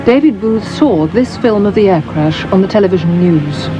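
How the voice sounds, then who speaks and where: A woman's voice: medium pitch, expressive, moderate pace. Woman narrator, scripted documentary read, dramatic, music underneath. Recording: dull audio over music.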